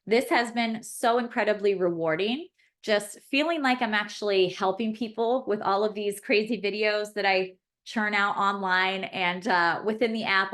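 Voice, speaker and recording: A woman's voice: mid-range voice, a bit bright. Chatty woman pharmacist hosting a webinar. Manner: chatty, effusive, reads chat aloud. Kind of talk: live webinar Q&A.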